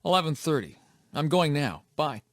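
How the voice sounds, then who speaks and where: A man's voice: fairly high pitch, very animated, normal speed, dry recording, clean studio sound. A man reading lines of a scripted practice dialogue in a plain way.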